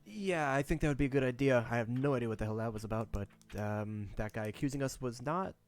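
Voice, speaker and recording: A man's voice: medium pitch, fast talker, clean tone, faint music behind. A man running a tabletop game as game master, talking in a loose, chatty way. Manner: loose and chatty, laughs easily.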